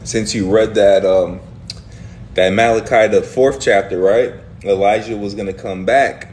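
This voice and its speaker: A man's voice: on the low side, fairly even intonation, measured pace, darkish tone, a little hiss or hum. Emphatic, slangy man leading scripture talk. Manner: emphatic, slangy, acts out prophets' words. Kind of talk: animated Bible study discussion.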